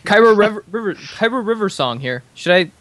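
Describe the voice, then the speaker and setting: A man's voice: sits high, expressive, fairly quick, a bit bright, no room sound. A man from Alaska, guesting on a podcast and chatting in a hesitant, self-mocking way. The sound is close and dry, with no room around it. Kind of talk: casual podcast chat.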